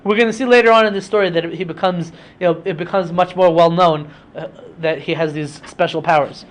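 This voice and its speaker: A man's voice: high-pitched, fairly even intonation, brisk. A man teaching through a casual retelling of a story, in a chatty way with many asides. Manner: chatty, with frequent fillers and asides.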